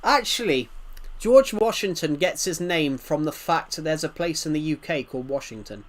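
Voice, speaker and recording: A man's voice: fairly high pitch, expressive, moderate pace. A man in his twenties with a thick rural British accent, chatting casually and rambling to his chat as a game streamer. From United Kingdom. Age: 20s.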